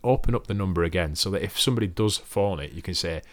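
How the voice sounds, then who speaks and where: A man's voice: low-pitched, fast talker, dry recording. A man co-hosting a podcast in casual chat, dry and matter-of-fact, swearing now and then. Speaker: podcast co-host.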